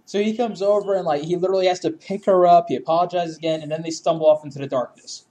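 A man's voice: a little high, steady tone, quick pace, warm tone. A man telling a story in casual chat, laughing often, swearing freely and acting out what people said.

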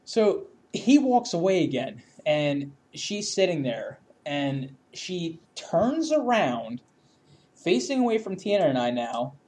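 Man, fairly high voice, casual storytelling, frequent laughter, heavy swearing, acts out quotes. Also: sing-song, takes it slowly, a little mellow.

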